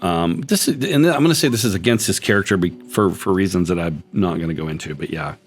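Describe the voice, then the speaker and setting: A man's voice: low-pitched, animated, fast talker, soft background music. A man narrating as game master, describing scenes in a loose, rambling way.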